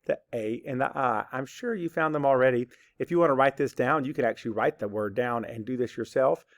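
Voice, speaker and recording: A man's voice: mid-range voice, a little fast. A man teaching a phonics lesson to young children, patient and encouraging, speaking straight to the viewer.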